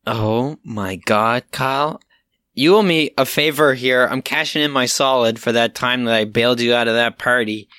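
A man's voice: medium pitch, normal speed, pushed and bright, smooth, no room sound, studio quality. A man playing in a tabletop game, playful and rambling. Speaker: player. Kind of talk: tabletop role-play.

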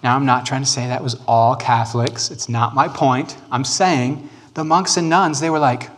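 A man, preaching a sermon on church history in an animated, joking way. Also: mid-range voice. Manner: animated, joking, quick asides and put-on quotes. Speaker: pastor.

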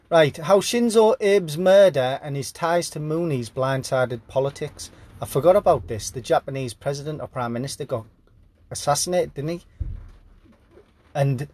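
A man's voice: medium pitch, darkish tone. A sleep-deprived man hosting a podcast, reading headlines aloud and riffing on them in a rambling, jokey way. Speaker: podcast host. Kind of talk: casual news commentary.

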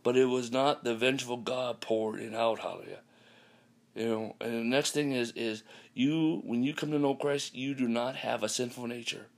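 Guy preaching on a podcast, gravelly voice, keeps saying hallelujah and amen, lots of ums and restarts. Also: medium pitch, fairly even intonation, normal speed. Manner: repetitive, peppered with hallelujahs and amens. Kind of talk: podcast sermon.

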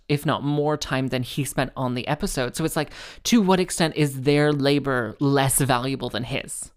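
Woman podcast host, low voice, sarcastic and rambling, casual chat. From Wales. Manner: sarcastic, rambling, with frequent restarts and laughs.

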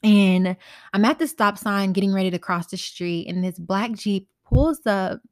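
A woman's voice: mid-range voice, unhurried, no echo, clean studio sound. A young woman in her twenties hosting a casual storytime podcast from her bedroom, talking candidly in slangy, profane speech. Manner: candid, slangy and profane, animated quoted voices. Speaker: podcast host.

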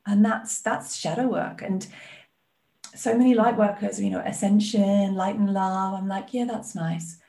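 Woman, gravelly voice, earnest life coach, animated podcast guest. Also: medium pitch, a little slow. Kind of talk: podcast conversation.

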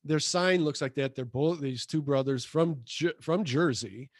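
A man's voice: fairly high pitch, a little slow, no room sound, clean studio sound. A middle-aged man in casual chat, talking with friendly enthusiasm and often dropping in short affirmations.

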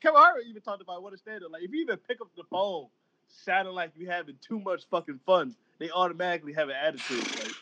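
A man's voice: high voice, expressive, fast talker, pushed and bright, slight background noise. A young man co-hosting a podcast, chatting casually in profane, laughing banter. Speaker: podcast co-host. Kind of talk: casual chat. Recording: dull lo-fi sound.

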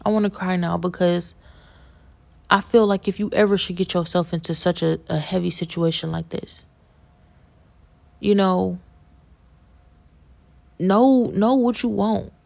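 A woman's voice: mid-range voice, unhurried, creaky, pauses often, darkish tone. A woman giving a fervent, preachy religious testimony as a podcast guest, repeating herself as she urges listeners.

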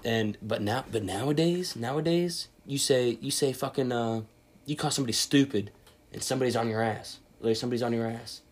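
A young man hosting a casual podcast, rambling and swearing through animated chat among friends. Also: mid-range voice, fairly quick. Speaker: podcast host.

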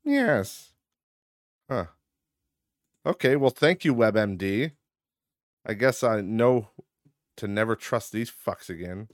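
A man's voice: takes it slowly, long pauses, no room sound, clean studio sound. Profane, sarcastic male podcast host. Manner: profane and sarcastic, laughing at his own jokes; gets loud and high when ranting. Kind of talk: casual solo podcast rant.

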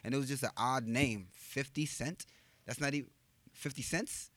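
A man co-hosting a podcast, telling stories in a mellow, reflective way. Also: mid-range voice, normal speed, no room sound. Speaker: podcast co-host. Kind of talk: casual podcast banter.

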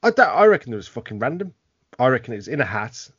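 A man's voice: mid-range voice, sing-song, quick pace, fairly bright tone, breathy edge, dry recording, muffled recording. A British man co-hosting a podcast, chatting drunkenly, laughing often and swearing. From Britain. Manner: laughs a lot, swears, loose mock-Cockney banter. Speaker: podcast co-host. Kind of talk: drunken casual chat.

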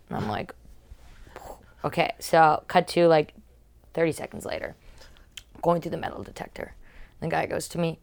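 A woman's voice: fairly low pitch, fairly even intonation, normal speed, long pauses, darkish tone. A young woman, a stand-up comedian, telling a story in casual podcast chat and acting out other people's lines in big voices. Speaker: podcast co-host.

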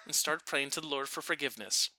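A man telling a family story in a casual chat, animated and often breaking off to restart his sentences. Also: a little high, fast talker. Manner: animated, self-interrupting.

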